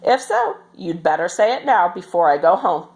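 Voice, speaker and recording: A woman voicing a bold, cheerful, strong little girl in a storybook reading, with a bright, playful, exclaiming manner. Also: on the low side, sing-song, normal speed, rough recording.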